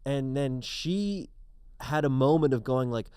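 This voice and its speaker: A man's voice: mid-range voice, lively intonation, a little slow, a little mellow, smooth, dry recording, clean studio sound. A man, a comedian co-hosting a podcast, telling playful stories in casual chat. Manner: playful, laughing, acts out voices in his stories.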